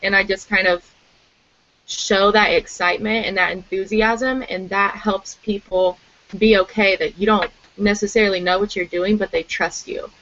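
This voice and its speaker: A woman's voice: mid-range voice, fairly even intonation, moderate pace, fairly bright tone. Chatty young woman on a muffled call. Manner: chatty, filler-heavy, candid. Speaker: team member sharing advice. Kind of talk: casual group call.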